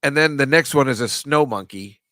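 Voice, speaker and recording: A man's voice: medium pitch, normal speed, pushed and bright, no echo, studio quality. A man hosting a casual comedy chat, rambling and sarcastic, often incredulous.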